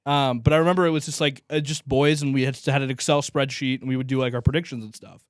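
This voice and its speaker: A young man co-hosting a podcast, telling stories in a relaxed, joking casual chat. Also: mid-range voice, fast talker, smooth, no echo, studio quality. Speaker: podcast co-host. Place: small room, podcast setup.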